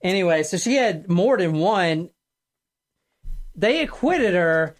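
A woman hosting a podcast, telling a true-crime story in a casual, animated way, swearing freely. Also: lowish voice, takes it slowly. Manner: animated, profane, acts out quotes. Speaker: podcast host.

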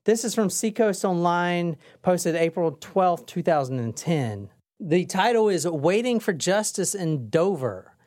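A podcast host chatting casually, briskly setting up clips and reading from an article. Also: mid-range voice, very animated, a little mellow. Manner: brisk storytelling, sets up clips and reads articles. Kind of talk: casual chat.

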